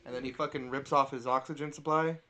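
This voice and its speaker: A man's voice: medium pitch, fairly even intonation, quick pace, sharp tone. A man co-hosting a podcast, earnestly retelling a movie scene in casual chat. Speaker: podcast co-host.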